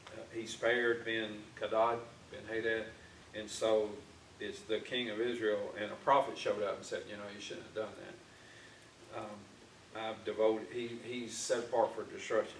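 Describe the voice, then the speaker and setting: A man's voice: fairly low pitch, flat delivery, moderate pace. A man teaching an informal Bible class in a church classroom, talking conversationally with frequent fillers and restarts. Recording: echoey room, distant mic, faint noise.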